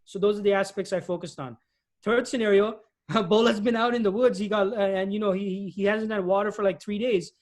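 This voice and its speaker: A man presenting job search advice in an animated webinar talk, often restarting phrases and acting out customers' lines. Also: high-pitched, a little fast. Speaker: guest speaker, IT recruiter.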